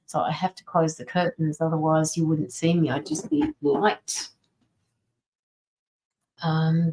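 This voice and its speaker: A woman's voice: sits low, flat delivery, unhurried, pauses often, a little mellow, slight background noise, rough recording. A woman tarot reader and medium, chatting casually on a livestream from her home studio, sympathetic and greeting viewers by name.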